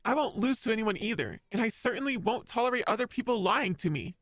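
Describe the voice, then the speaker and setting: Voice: medium pitch, animated, fast talker, a bit bright, no room sound, clean studio sound, faint music behind. A streamer voicing a brash, distrustful young man who swears a lot while reading game dialogue aloud. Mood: scornful. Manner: swearing, scornful.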